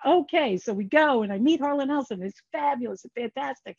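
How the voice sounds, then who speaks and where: A woman's voice: high voice, brisk, few pauses, slightly rough, dry recording. An older woman, a guest economist, telling stories in a casual podcast interview and acting out the dialogue she quotes. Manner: animated, acts out quoted dialogue. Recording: muffled lo-fi sound.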